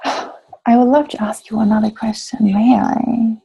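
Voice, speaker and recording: A woman's voice: fairly high pitch, little pitch movement, normal speed, vocal fry, mellow, husky, rough recording. A woman interviewing a guest in conversation, effusive and affirming in her questions.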